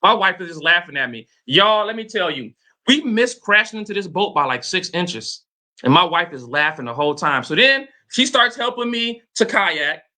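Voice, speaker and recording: Bright-voiced man telling a dramatic story. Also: high-pitched, very animated, normal speed. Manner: dramatic, addresses the audience directly. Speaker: motivational speaker and coach. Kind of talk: animated personal storytelling.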